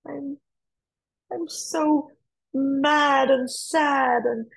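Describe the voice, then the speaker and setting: A woman voicing an upset young boy who tells his mum, in halting bursts, about being bullied. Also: sits high, steady tone, creaky, voice pushed up, full character voice. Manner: halting, tearful complaint.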